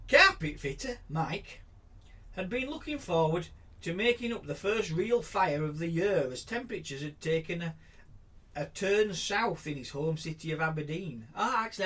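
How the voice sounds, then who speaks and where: A man's voice: fairly high pitch, fairly bright tone. A man co-hosting a casual podcast, reading a news story aloud with giggles and dry asides. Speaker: podcast co-host.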